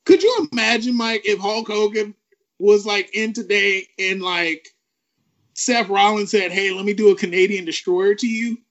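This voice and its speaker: A man co-hosting a podcast, ranting with animated, profane emphasis. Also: high-pitched, normal speed, dull audio. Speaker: podcast co-host. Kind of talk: ranting wrestling podcast talk.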